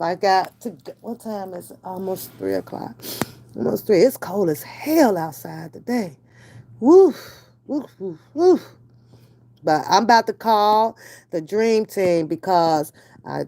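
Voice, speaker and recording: A woman talking casually on a live stream, blunt and heavily profane, joking and laughing often. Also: medium pitch. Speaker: reaction streamer.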